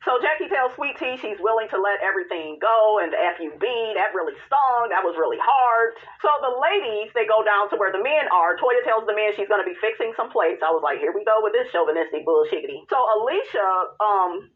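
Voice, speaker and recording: A woman's voice: medium pitch, expressive, fairly quick, few pauses. A woman giving a sassy, blunt recap of a reality show in casual commentary, swearing freely and talking straight to her viewers. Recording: tinny phone-line sound.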